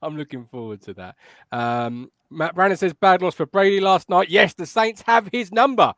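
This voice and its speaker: A man's voice: high-pitched, animated, moderate pace, a bit bright, dry recording. A man hosting a live fan podcast, chatty and upbeat as he reads out comments from the live chat. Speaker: podcast host.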